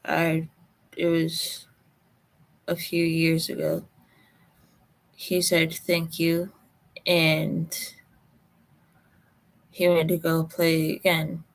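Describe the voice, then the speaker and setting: A woman from Colorado, telling a personal story in a halting way, close to tears. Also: low voice, monotone. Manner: slow, halting, emotional recollection.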